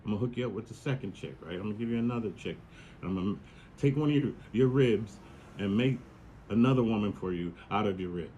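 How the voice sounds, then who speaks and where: A man's voice: on the low side, quick pace, mellow, a little hiss or hum, natural voice. A man voicing a male God as an exasperated coach, blunt and slangy, giving a tough-love pep talk. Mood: bossy.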